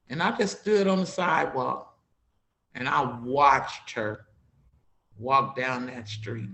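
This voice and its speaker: Woman, heartfelt storyteller, slow unhurried delivery, bright tone, echoey room. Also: rumbling low. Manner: earnest, retells talks with repeated "I said, she said". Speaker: guest sharing community outreach stories. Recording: roomy echo.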